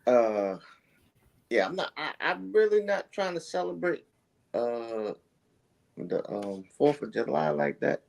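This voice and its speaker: A man's voice: on the high side, sing-song, slow, gravelly, pauses often, darkish tone. A man co-hosting a casual livestream chat, hesitant and stammering as he talks. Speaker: co-host.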